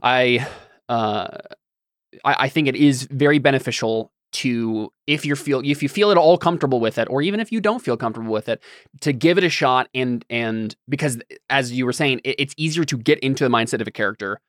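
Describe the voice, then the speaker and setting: A man's voice: mid-range voice, brisk, a bit bright, dry recording, studio quality. Easygoing man hosting a podcast. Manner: easygoing, lots of fillers and affirming "yeah". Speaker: podcast host. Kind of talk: casual podcast chat.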